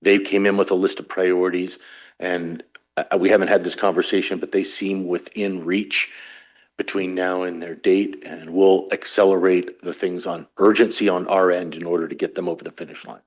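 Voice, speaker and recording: A man speaking at a council meeting in a measured, formal manner. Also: low voice, flat delivery. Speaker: council official. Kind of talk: meeting discussion.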